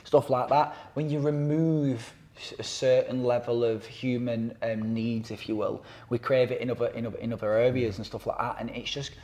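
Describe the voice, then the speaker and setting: A man of medium pitch talks at normal speed with few pauses. He is a podcast guest who campaigns against knife crime, and his casual, rambling delivery includes fillers and restarts. Animated in his storytelling, he voices the people he quotes.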